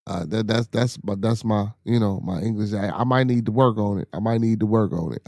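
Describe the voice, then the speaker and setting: Chicago man host, loose profane rambling talk, warm tone, dry mic. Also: fairly low pitch, moderate pace, dry recording. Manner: loose, profane, repeats himself, many restarts. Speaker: podcast host reading viewer comments. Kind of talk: casual livestream chat.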